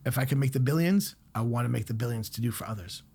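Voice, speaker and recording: A middle-aged man with a husky, slightly rough voice, guesting on a podcast as a chef. He talks bluntly and swears freely. He tells his stories with plenty of animation. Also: medium pitch, fast talker, dark tone. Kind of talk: casual podcast conversation.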